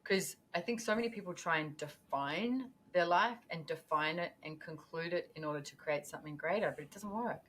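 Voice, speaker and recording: A woman talking as a podcast guest in a casual, animated way, acting out her own thoughts as she goes. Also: fairly low pitch, brisk, few pauses, husky. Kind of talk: casual conversational interview.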